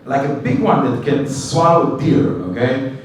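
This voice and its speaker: Rabbi in an echoey hall. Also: male voice, medium pitch, normal speed, slight background noise. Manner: animated storyteller, acts out dialogue, non-native English phrasing. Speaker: rabbi giving a weekly class. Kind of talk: storytelling Torah class. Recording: echoey room recorded from a distance.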